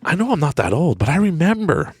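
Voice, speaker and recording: A man's voice: on the high side, sing-song, fairly quick, husky, no room sound, studio quality. A man hosting a podcast, talking in a casual, upbeat motivational way, laughing often and acting out little voices. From Quebec, Canada. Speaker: podcast host.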